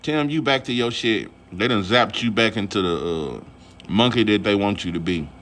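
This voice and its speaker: A man's voice: lowish voice, normal speed, fairly bright tone, a little hiss or hum. A man vlogging about boxing in a casual, rambling, profane rant full of fillers.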